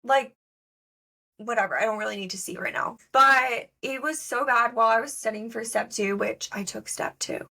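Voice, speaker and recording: This young woman's voice is on the high side, creaky yet pushed and bright, moving at a moderate pace. As a podcast co-host, she chats casually and tells stories with many fillers.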